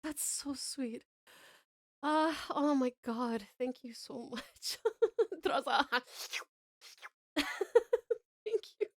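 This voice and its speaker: A woman's voice: high-pitched, sing-song, extremely slow, long pauses, darkish tone, dry recording, clean studio sound. An Australian woman from Tasmania chatting with viewers on a live stream, gushing with thanks and swearing casually.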